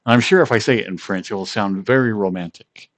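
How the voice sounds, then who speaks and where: A man's voice: lowish voice, a little fast, dry recording. A man streaming casually from home, playful and giggling often as he chats.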